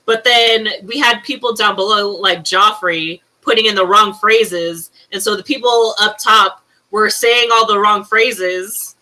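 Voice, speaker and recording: Woman co-host, very bright tone, excitable and giggly, casual call chat from home. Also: medium pitch, measured pace, hardly any pauses, rough recording. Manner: laughs often, excitable. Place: her own room at home.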